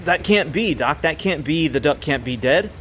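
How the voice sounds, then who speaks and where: A man's voice: on the high side, expressive, normal speed, fairly bright tone, a little hiss or hum. A man voicing a distraught grown man who pleads and protests over his dead duck. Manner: pleading, indignant.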